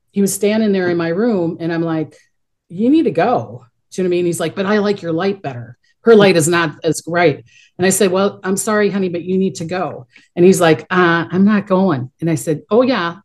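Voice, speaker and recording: A middle-aged woman talks in a low register, her stories rambling and chatty. She restarts sentences often and keeps a casual interview tone. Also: darkish tone. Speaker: guest, psychic medium.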